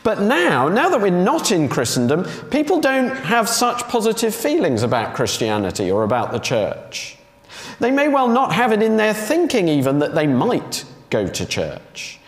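A man delivering a sermon in a slightly high, very animated voice that rises and falls as he presses each point home. He leans on repetition and rhetorical questions. The sound carries a long, roomy reverb from a church hall. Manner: emphatic, repeats key phrases and asks rhetorical questions. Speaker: preacher.

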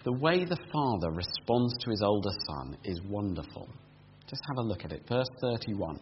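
A man preaching a sermon, explaining a passage point by point, building to emphatic peaks and then dropping quiet and close. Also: fairly low pitch, very animated, moderate pace. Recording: dull lo-fi sound with long hall reverb and faint hum.

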